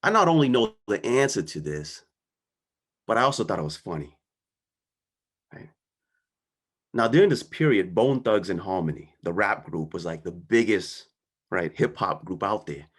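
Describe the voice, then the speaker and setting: A man with a fairly low voice gives a personal storytelling talk. He speaks earnestly and conversationally, often pausing to check in with his listeners as he goes. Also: sing-song. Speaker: guest speaker.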